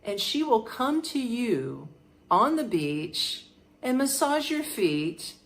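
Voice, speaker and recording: A woman telling a podcast story in a light, higher voice that swings all over her range. She talks in a casual, animated way, laughs often, and imitates the sounds she describes. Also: slow. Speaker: podcast host.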